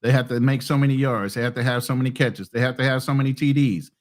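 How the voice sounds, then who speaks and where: A man's voice: medium pitch, fairly even intonation, quick pace. A man co-hosting a casual sports podcast over a call, giving his views emphatically. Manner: opinionated, emphatic. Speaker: podcast co-host.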